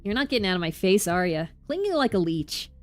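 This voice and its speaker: A woman voicing a gruff, evasive male street thug in an attempted New York accent, read aloud from a game. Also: medium pitch, big pitch swings, brisk, soft background music, natural voice. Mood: stubborn.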